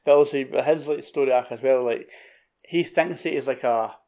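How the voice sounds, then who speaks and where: A Scottish man in casual chat, relaxed, chiming in with short agreements and casual swearing. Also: medium pitch, moderate pace.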